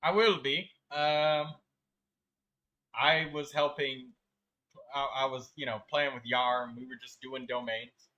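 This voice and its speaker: A man's voice: medium pitch, steady tone, takes it slowly, pushed and bright, muffled recording. A young man streaming a game live, chatting in an easygoing way with friends and often restarting his sentences. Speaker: gaming streamer. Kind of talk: casual chat while playing live.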